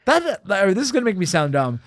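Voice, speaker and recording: A man's voice: high voice, wildly swooping pitch, fast, no echo, clean studio sound. A man hosting a podcast in casual, crude, rambling chat full of fillers and jokes. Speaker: podcast host.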